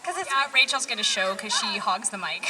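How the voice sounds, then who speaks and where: A woman's voice: mid-range voice, animated, brisk, very noisy. A woman giving a casual, joking speech at a wedding reception. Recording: distant voice in a reverberant hall with crowd.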